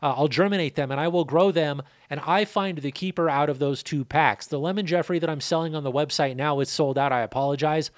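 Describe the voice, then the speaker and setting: A man's voice: fairly high pitch, brisk, hardly any pauses, no room sound, clean studio sound. A man hosting his own channel, answering a viewer's question in a laid-back, casual way, swearing now and then and running through figures. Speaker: seed breeder and channel host.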